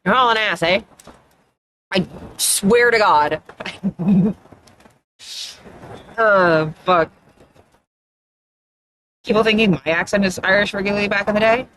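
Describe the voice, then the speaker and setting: Canadian east coast gal streaming, rambly chat, mid-pitched voice, keeps restarting her sentences. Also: slow pace, pauses often, fairly bright tone, slight background noise. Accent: Atlantic Canadian. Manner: rambling and chatty, often trailing off and restarting. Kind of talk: casual chat while gaming on a live stream.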